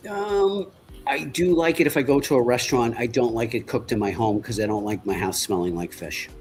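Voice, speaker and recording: A Long Island man with a New York accent speaks fairly quickly in a mid-range, slightly mellow voice as a guest on a livestream. He chats casually, asks lots of questions, and rambles with restarts while soft music plays in the background.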